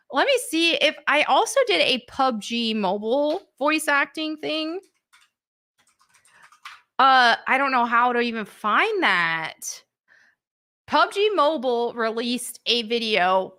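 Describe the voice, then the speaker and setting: A woman's voice: fairly high pitch, lively intonation, measured pace, pushed and bright. A woman hosting a live stream, chatting casually and laughing often.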